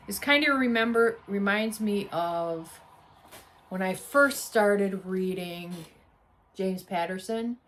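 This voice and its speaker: Excited woman opening a book on camera, chatty and gushy, trips over words reading aloud. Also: medium pitch. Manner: excitable, gushing, reads aloud haltingly. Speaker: book vlogger. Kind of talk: casual unboxing chat. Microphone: seated at desk, squeaky chair.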